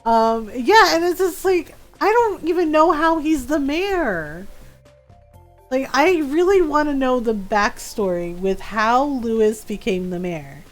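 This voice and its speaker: Woman streamer, casual playful chatter, brightish higher register. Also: expressive, slow, faint music behind. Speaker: game streamer. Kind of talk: casual chat while playing.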